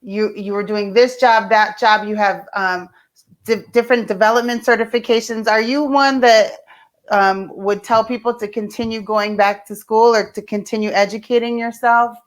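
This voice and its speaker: A woman's voice: a little high, steady tone, moderate pace. A woman moderating a town hall panel over a video call, talking conversationally with frequent fillers.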